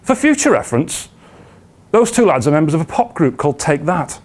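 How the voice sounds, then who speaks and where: A man's voice: fairly high pitch, big pitch swings, a little fast. A man voicing a smug car dealer in a pointed, matter-of-fact way.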